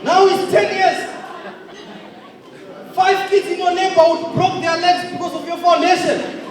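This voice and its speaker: A man giving a motivational speech at an awards event, emphatic and often shouting. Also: extremely high pitch, level tone, unhurried, some chatter behind. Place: large indoor hall. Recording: echoey hall from far off.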